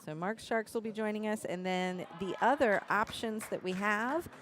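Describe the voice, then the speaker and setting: A woman's voice: mid-range voice, normal speed. A woman co-hosting a pool tournament live stream, announcing upcoming matches in an informative way. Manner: informative, laughs easily. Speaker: stream co-host.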